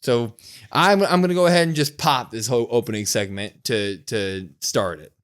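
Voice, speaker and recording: A young man co-hosting a wrestling podcast, retelling the show in a lively, casual way and slowing down to mimic the people he quotes. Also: mid-range voice, clean tone. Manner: animated retelling, slows to mimic quoted speakers. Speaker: podcast co-host. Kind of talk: casual recap chat.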